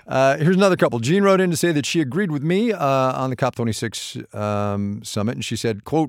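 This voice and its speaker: A man's voice: medium pitch, brisk, hardly any pauses, dry recording, clean studio sound. A man co-hosting a podcast in casual chat, wry and self-deprecating. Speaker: podcast co-host.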